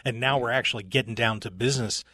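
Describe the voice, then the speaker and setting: A man hosting a radio talk show, asking a guest questions in a measured way. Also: medium pitch, sharp tone, husky, no room sound, studio quality. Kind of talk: radio interview.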